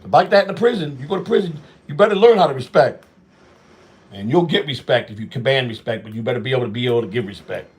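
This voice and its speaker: A man's voice: mid-range voice, animated, fast. A middle-aged man hosting a walk-and-talk show, telling street stories bluntly and with lots of swearing, acting out both sides of old arguments. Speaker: show host.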